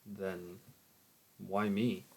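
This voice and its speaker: A man's voice: low voice, flat delivery, very slow, creaky, heavy background noise, heavily acted. A man voicing a desperate revived young man. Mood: pleading.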